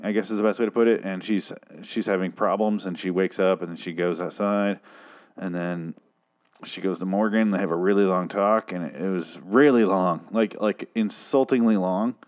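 Young male podcast host, slightly low voice, sarcastic exasperated rant, casual swearing. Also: normal speed, clean tone. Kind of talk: casual ranting review.

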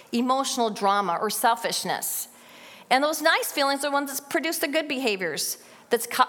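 A woman's voice: on the high side, fairly bright tone, in a large hall. A middle-aged woman giving an earnest church parenting talk to a live audience, acting out child voices as examples. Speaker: parenting class speaker.

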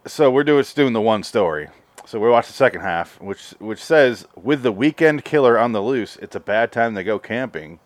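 A man's voice: medium pitch, lively intonation, normal speed, no room sound. A man hosting a podcast in casual, rambling, profane chat. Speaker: podcast host.

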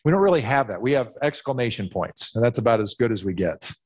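A male pastor preaching a sermon in an animated storytelling manner, acting out the voices. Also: mid-range voice, fast talker. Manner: animated storytelling, acts out quotes.

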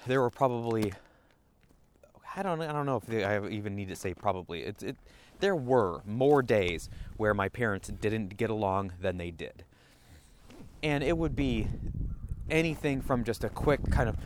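A man's voice: mid-range voice, lively intonation, moderate pace. A man hosting a solo podcast, rambling and interrupting himself, slipping into little acted-out quotes, speaking as a parent. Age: adult parent. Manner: rambling, self-interrupting, acts out quoted voices. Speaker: podcast host.

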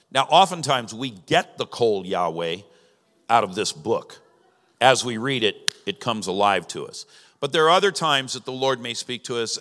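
A man's voice: mid-range voice, fairly bright tone. A man preaching a sermon as pastor, teaching in a conversational way with emphatic rises. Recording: long reverb of a large hall.

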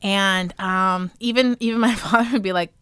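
A young woman co-hosts a casual movie podcast, animated and quick to laugh. Her voice is bright and crisp, and it sits in a dry, close recording. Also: mid-range voice, no echo. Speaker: podcast co-host.

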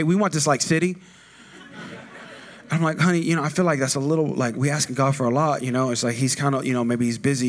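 A middle-aged man preaching a sermon, chatty and informal, rising to loud call-and-response with the congregation. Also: on the high side. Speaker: pastor.

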